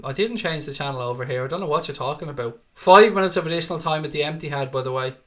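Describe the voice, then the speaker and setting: A Dublin-accented Irish man hosts a live football watchalong stream, mixing quick updates on the match with loose chat and reading viewer comments aloud. His voice sits a little higher than most men's and has a sharp tone. He's chatty and swears freely.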